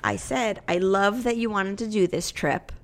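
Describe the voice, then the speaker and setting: Teasing, animated woman podcast co-host. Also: mid-range voice, moderate pace. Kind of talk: casual couple chat.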